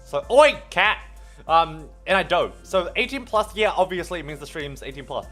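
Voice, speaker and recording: An Australian man streaming, chatting casually with his viewers in an animated, playful way and swearing often. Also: on the high side, fairly quick, soft background music. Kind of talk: casual livestream chat with viewers.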